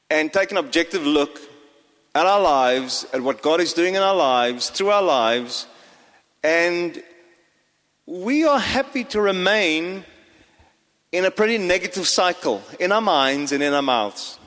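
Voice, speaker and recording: A man's voice: on the high side, animated, moderate pace, fairly bright tone. Man preaching in a reverberant hall. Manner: hesitant, many fillers and restarts. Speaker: pastor. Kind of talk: sermon.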